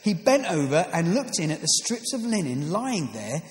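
A playful pastor with a high-pitched voice reads scripture and preaches with jokey asides. His voice rings around a church hall with long reverb. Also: sing-song, moderate pace, few pauses. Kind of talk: sermon with scripture reading.

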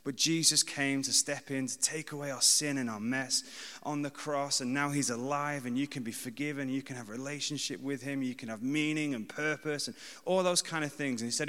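A man in his thirties delivers a sermon in a bright, forceful voice. He talks conversationally, pokes fun at himself and repeats short lines for emphasis, while his words ring out with a long reverb in a church hall. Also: medium pitch, brisk. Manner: conversational, self-deprecating, emphatic repetition. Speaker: preacher.

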